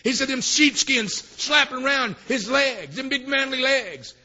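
A man preaching a sermon with fervor, rising at times into shouts. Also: extremely high pitch, animated, measured pace, hardly any pauses. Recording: dull lo-fi sermon recording.

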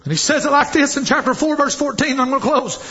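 A man preaching a sermon, fervent and often shouting, with repeated exhortations to the congregation. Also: very high voice, fast talker. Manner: fervent, shouting exhortation with call-and-response phrases. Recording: dull lo-fi recording.

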